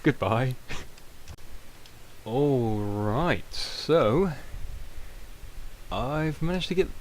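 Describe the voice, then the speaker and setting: A man's voice: mid-range voice, expressive, extremely slow. A young British man giving rambling, self-mocking casual gameplay commentary, with many ums. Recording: noisy home recording.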